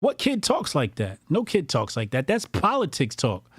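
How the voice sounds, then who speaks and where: A man's voice: a little high, huge pitch swings, moderate pace, husky, dry recording, clean studio sound. A man hosting a political commentary livestream, talking bluntly and profanely and reading out viewer donations. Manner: blunt and profane, with lots of repetition.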